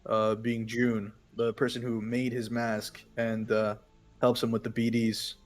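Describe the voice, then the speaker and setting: A man at a tabletop game, describing his character's actions. He talks haltingly, full of fillers and restarts. His voice sits at an ordinary male pitch. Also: monotone. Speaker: player. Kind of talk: tabletop game role-play.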